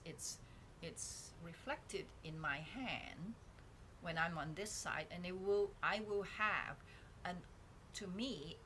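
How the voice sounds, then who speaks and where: With a fairly low, fairly bright voice and slight background noise, a woman vlogger reflects on herself in a casual talking-head video. She's indoors at home with a painting behind her, speaking candidly into a dedicated mic and restarting her thoughts often.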